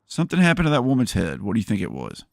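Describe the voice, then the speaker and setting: Man, low voice, animated, joking streamer, dry close sound. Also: very fast, creaky, no room sound. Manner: joking, rambling, laughs often. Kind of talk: casual live-stream chat.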